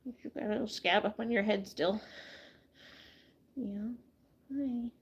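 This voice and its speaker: A woman gently talking baby talk to her hen while bathing it, cooing and making little beeping noises. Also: medium pitch, takes it slowly, breathy edge, muffled recording. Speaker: backyard farmer caring for a hen. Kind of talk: casual talk to an animal.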